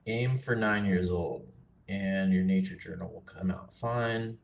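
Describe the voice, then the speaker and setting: A man's voice: low-pitched, measured pace, vocal fry. Chatty man teaching a livestream. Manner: relaxed, chatty, self-deprecating asides. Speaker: nature journaling teacher. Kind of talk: casual livestream demonstration.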